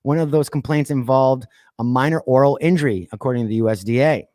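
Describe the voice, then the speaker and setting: A man hosting a podcast, reading odd news stories aloud and breaking off into sarcastic asides, laughs and deliberate quiet pauses. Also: mid-range voice, dry recording, clean studio sound. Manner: reads news items then riffs with sarcastic asides and laughs; drops to quiet voice for dramatic pauses. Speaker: podcast host. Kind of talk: casual news commentary.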